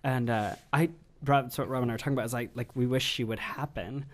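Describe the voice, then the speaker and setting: A man co-hosting a casual movie podcast, talking in a gushing, animated way with quick asides. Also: medium pitch. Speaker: podcast co-host. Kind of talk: casual chat.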